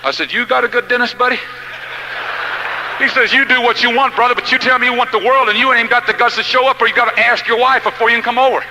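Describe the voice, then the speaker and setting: A middle-aged man telling stories in a folksy, animated speech, swinging from shouts to hushed lines. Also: extremely high pitch, fast talker, slight background noise, poor audio. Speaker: motivational speaker. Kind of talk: storytelling speech.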